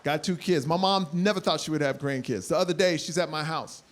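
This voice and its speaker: A man in his forties performing stand-up on stage in front of a live audience, telling stories animatedly and bursting into loud impressions. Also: on the high side, fairly quick. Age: 40s. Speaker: stand-up comedian. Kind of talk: stand-up comedy.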